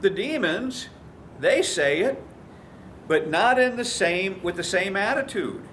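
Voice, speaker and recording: Slow and expressive, a man's high, fairly bright voice carries a sermon, with a little hiss or hum in the audio. The pastor tells stories, acting out each quoted voice.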